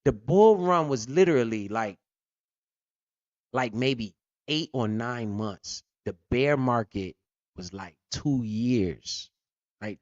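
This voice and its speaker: A man's voice: mid-range voice, a little mellow, dry recording, highs cut off. A man hosting a casual crypto livestream, telling stories animatedly with lots of slang and swearing. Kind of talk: casual profane livestream talk.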